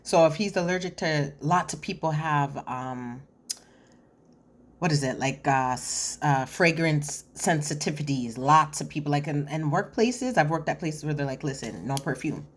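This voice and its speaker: Low-voiced woman chatting through a recap. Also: unhurried. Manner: chatty, filler-heavy retelling with acted-out quotes. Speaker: reality TV commentator. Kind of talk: casual recap commentary.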